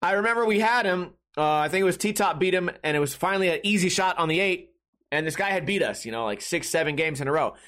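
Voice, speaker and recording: A man's voice: sits high, expressive, fast talker, a bit bright. A young man hosting a podcast, rambling in a casual, jokey, profane monologue. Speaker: podcast host.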